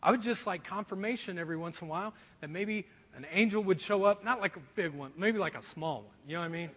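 A man with a very high, bright, forceful voice preaches a lively sermon, joking and acting out little quotes along the way. His voice rings out with the long reverb of a large hall. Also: quick pace, husky. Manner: animated, joking, acts out quotes. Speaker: pastor.

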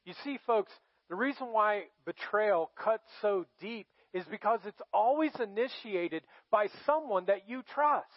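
High, slow-talking male preacher. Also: no echo. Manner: dramatic storytelling, emphatic. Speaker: pastor. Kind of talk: sermon. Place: church. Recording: dry, dull lo-fi sound.

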